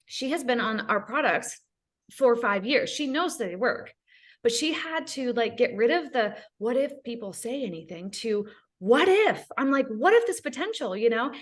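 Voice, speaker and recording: Enthusiastic woman podcast host, a bit high. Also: lively intonation, normal speed. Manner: enthusiastic, talks about her family. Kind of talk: casual podcast chat.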